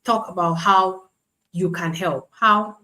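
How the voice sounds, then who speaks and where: A woman's voice: fairly low pitch, steady tone, takes it slowly, bright, forceful tone. A woman from Nigeria teaching a live online class in a conversational way, repeating her points and answering chat comments. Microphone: computer mic on a live stream.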